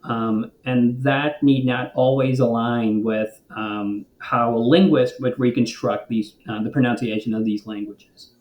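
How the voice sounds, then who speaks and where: A man's voice: medium pitch, steady tone, a little slow, hardly any pauses, a little mellow, highs cut off. Hesitant man explaining in a roomy echo. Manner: hesitant, frequent um fillers, thoughtful explaining. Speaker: linguist guest. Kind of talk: explanatory podcast conversation.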